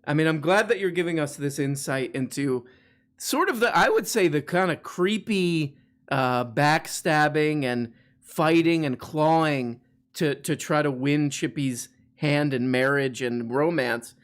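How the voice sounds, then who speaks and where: Rambling, slightly high-voiced male host. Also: measured pace, a bit bright. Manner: rambling, full of fillers and restarts, teasing. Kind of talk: casual live show chat.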